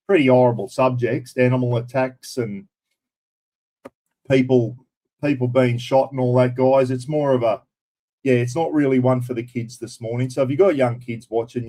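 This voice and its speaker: A man's voice: mid-range voice, warm tone. A man with an Australian accent hosting a casual live stream, chatting bluntly with viewers and swearing a little. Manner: blunt and chatty, mild swearing, addresses viewers as everyone and mate.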